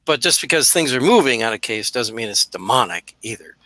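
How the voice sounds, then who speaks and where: A man's voice: medium pitch, expressive, brisk, bright, forceful tone, no echo. A man hosting a chat show, answering questions in a casual, hesitant way. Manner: hesitant, many fillers and restarts. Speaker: host.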